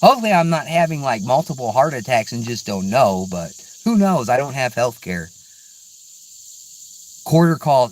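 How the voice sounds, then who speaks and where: A man's voice: medium pitch, big pitch swings, moderate pace, a little hiss or hum. A middle-aged man vlogging casually outdoors, rambling and laid-back, peppering his talk with "dude" and "man". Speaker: hunting vlogger. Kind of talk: casual outdoor vlog chat. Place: outdoors in woods.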